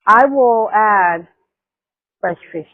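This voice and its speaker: A woman's voice: medium pitch, expressive, extremely slow. Chatty woman gardening outdoors, tinny audio. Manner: chatty, rambling, with many restarts. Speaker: gardening vlogger. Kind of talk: casual gardening vlog. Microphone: camera microphone.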